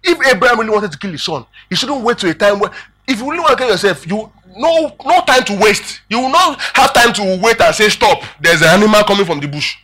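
Male preacher, emphatic sermon delivery, bright and forceful, husky edge. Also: high-pitched, fast talker. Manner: calls out questions to the congregation; emphatic, animated preaching with rising and falling volume.

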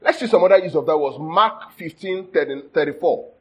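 A man's voice: on the high side, fairly quick, darkish tone, husky. A man preaching a sermon, teaching word by word and often asking the audience if they are following. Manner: checks in with the audience often, jokes and laughs. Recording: dull lo-fi sound.

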